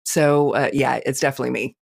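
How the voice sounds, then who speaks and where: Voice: mid-range voice, steady tone, fast talker, vocal fry. Playful guest who loves mimicry. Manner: playful mimic who slips into character voices. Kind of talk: casual chat.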